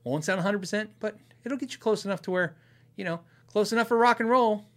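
Chatty, rambling higher-voiced middle-aged man. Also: fast, a bit bright. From Arizona, USA. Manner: rambling, chatty, laughs often, restarts sentences. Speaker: host of a guitar channel and podcast. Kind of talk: casual chat answering viewers.

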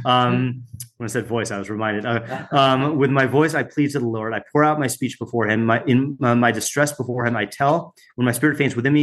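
A man's voice: medium pitch, brisk, fairly bright tone. Casual man leading a Bible study. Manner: reads translations, stops often with fillers and asides. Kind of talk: informal text study, reading aloud.

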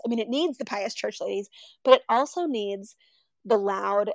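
A woman's voice: on the high side, brisk, dry recording, poor audio. A woman telling a story casually, acting out the people she quotes. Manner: animated, acts out quoted voices.

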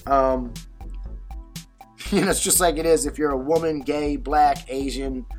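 Man, candid storyteller, swears a lot, slightly high voice, soft music underneath. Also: unhurried. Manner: candid, profane, conversational, with many fillers. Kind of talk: casual storytelling monologue.

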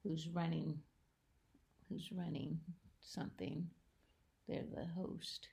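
A woman in casual chat about a crossword, speaking quietly and softly, often just murmuring agreement. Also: low voice, flat delivery, slow, vocal fry. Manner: quiet, soft-spoken, frequent murmured uh-huhs. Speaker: crossword podcast co-host. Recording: dull lo-fi sound.

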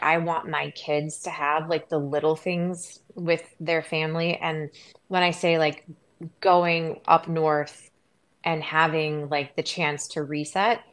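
Low-voiced chatty woman guest. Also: fairly even intonation. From Wisconsin. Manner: chatty, quick, many likes and restarts. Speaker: guest, sports anchor. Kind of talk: casual interview chat.

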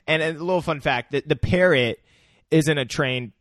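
Homem de voz um pouco aguda, brincalhão. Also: male voice, on the high side, a bit bright, no room sound, clean studio sound. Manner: crude jokes, quick agreement. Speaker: podcast co-host. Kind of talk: casual movie recap chat.

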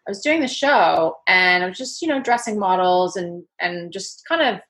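A woman with a New York accent, chatty and energetic, telling her story as an interview guest in a rambling, casual way. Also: on the low side, moderate pace.

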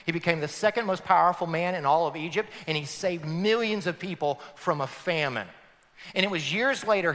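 A male pastor preaching with lively, swooping emphasis and a high, bright voice. His sermon rings out with a long reverb through a big church hall. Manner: animated emphatic preaching, addressing the congregation.

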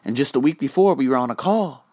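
A man hosting a podcast, telling a casual story in an animated way, swearing freely and acting out the lines of the people in it. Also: medium pitch, quick pace, dry recording. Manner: animated, swears freely, acts out quoted dialogue. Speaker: podcast host.

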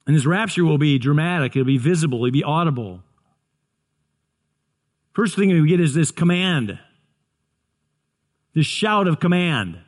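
A man's voice: fairly high pitch, a little slow, long pauses. A man preaching a sermon, earnest, often repeating and restarting words. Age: 60s. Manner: earnest, stumbling restarts, builds to excited shouts. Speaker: pastor.

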